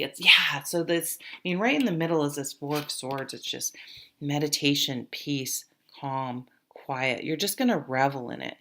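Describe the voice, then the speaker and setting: A woman's voice: sits low, creaky, a bit bright. A woman giving a casual, rambling tarot reading to her viewers, with many fillers and restarts. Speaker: tarot reader.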